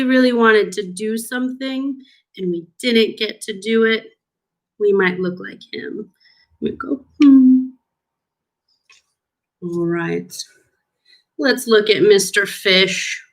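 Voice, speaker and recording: A woman's voice: medium pitch, a bit bright. A woman reading a picture book aloud to young children as a speech clinician, teaching new words in an encouraging teacher voice. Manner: slow, sing-song, encouraging teacher talk with drawn-out words. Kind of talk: children's storybook read-aloud lesson.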